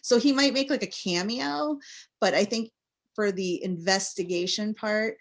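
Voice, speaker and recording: A woman's voice: medium pitch, measured pace. A woman from Massachusetts, a guest author in a casual interview, talking in a chatty, rambling way full of fillers.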